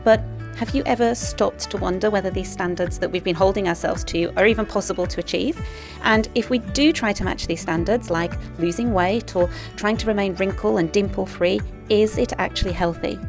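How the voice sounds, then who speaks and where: A woman's voice: mid-range voice, a little fast, faint music behind. A woman hosting a podcast, moving from a scripted welcome into casual, encouraging chat with her guest. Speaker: podcast host.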